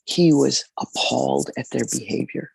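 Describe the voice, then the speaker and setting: Female jazz vocalist, interview storytelling; gravelly, close dry sound; expressive, halting delivery. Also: extremely low pitch, no echo. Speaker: jazz singer.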